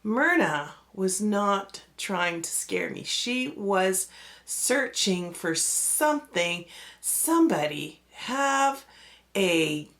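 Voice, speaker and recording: Slow-talking woman pastor telling a story. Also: medium pitch. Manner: relaxed, lots of fillers, acts out quoted voices. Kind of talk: personal storytelling.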